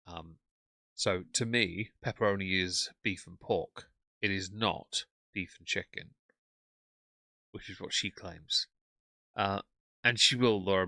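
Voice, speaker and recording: A man's voice: low-pitched, gravelly, bright, forceful tone, dry recording. A man, commenting bluntly and sarcastically while reading out chat on a live stream.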